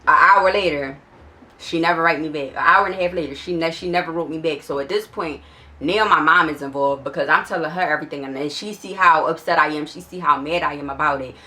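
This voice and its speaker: Young philly girl venting a storytime, lowish voice but real bright and sharp, cussing a lot. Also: quick pace. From Philadelphia area. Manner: exasperated, profane, animated storytelling with many restarts. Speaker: vlogger telling a story. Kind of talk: casual storytime.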